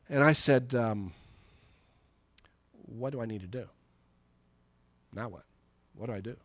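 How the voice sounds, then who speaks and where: In a church sanctuary, a middle-aged pastor delivers a storytelling sermon, recounting a personal story conversationally. He acts out the dialogue and laughs at himself, his voice on the low side with no room sound.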